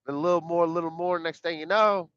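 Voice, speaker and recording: A man's voice: a little high, steady tone, quick pace, fairly bright tone, smooth, no room sound. A man telling a personal story in a folksy, rambling, colloquial way, acting out the dialogue. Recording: dull lo-fi dry sound.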